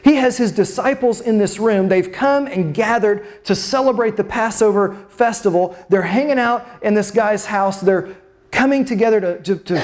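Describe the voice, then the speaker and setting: Brief: a preacher in mid-sermon, expressive, leaning on slow dramatic stresses and rhetorical questions, at a mid-range pitch.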